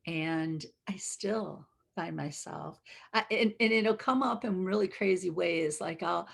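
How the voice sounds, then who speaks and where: Gravelly, husky-voiced woman teaching. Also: fairly low pitch, unhurried. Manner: chatty and animated, laughs often, repeats herself. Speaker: emotional wellness teacher. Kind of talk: casual personal storytelling and teaching.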